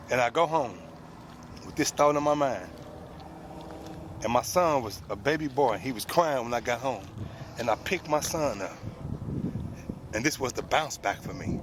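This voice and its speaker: A man's voice: mid-range voice, lively intonation, normal speed, pauses often, a little hiss or hum. A man in his forties telling a personal story, plain spoken and full of street slang. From United States. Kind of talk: personal story told to an audience.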